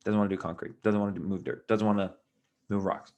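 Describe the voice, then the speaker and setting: A man telling a story to his viewers in a casual, rambling way, sounding tired, often restarting and dropping into a quiet mutter. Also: on the low side, steady tone, fast talker. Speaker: vlogger.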